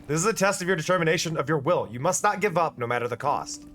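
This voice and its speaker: A man voicing an earnest young warrior who speaks formally and gravely. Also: fairly high pitch, expressive, fast talker, a bit bright. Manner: formal and grave, speaks in lofty pep talks. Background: faint music.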